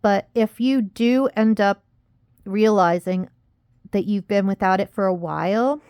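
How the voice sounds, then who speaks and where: A woman's voice: mid-range voice, measured pace, darkish tone, clear, resonant tone, no echo. A young woman vlogging casually, rambling and frustrated, close to tears as she warns viewers. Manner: rambling, frustrated, self-critical. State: upset, near tears. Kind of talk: casual confessional vlog.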